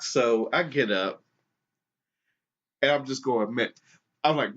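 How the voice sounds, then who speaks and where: The recording is dull and lo-fi. A male podcast co-host relates a story in profane, easygoing talk, quoting and performing the voices of the people in it, speaking slowly at a medium pitch and pausing often.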